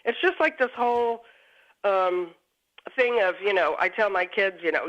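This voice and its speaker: A woman's voice: mid-range voice, expressive, normal speed. Upbeat woman advising over a dull line. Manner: emphatic, upbeat advice-giving. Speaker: parenting guest. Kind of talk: remote guest on morning TV chat. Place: Dallas. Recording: lo-fi remote line.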